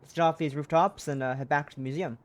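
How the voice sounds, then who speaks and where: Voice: mid-range voice, fairly even intonation, fast talker. A streamer reading a visual novel aloud and chatting, self-mocking and laughing often, trying out character voices.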